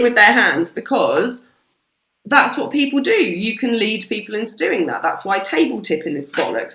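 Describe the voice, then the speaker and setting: Low-voiced British woman telling stories. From Britain. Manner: animated, swears freely, acts out quoted voices. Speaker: podcast guest. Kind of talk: casual storytelling chat. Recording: roomy echo.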